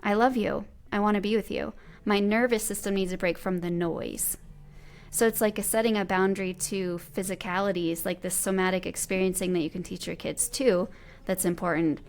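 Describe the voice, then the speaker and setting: Creaky-voiced woman podcast host. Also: mid-range voice, normal speed. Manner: animated, quotes her kids and herself aloud. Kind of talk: casual conversational interview.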